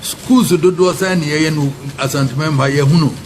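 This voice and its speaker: A man making a formal, pleading public appeal to chiefs at a gathering, with halting restarts. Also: fairly high pitch, steady tone. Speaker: speaker addressing chiefs at a public forum. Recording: noisy ambience behind the voice.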